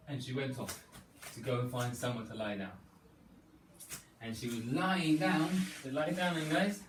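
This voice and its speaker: A man leading a children's storytelling yoga class, playful and animated, coaxing the children through each pose. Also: mid-range voice, moderate pace, long pauses, slight background noise. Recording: echoey room, distant mic, faint ambience.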